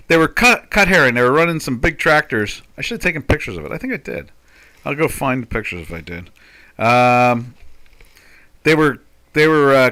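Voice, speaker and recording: An older man in his sixties talks through currency charts live in a rambling, folksy way, with sarcastic asides about governments. His voice is bright and forceful, at an ordinary middle pitch for a man. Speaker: market commentator. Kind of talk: live trading commentary.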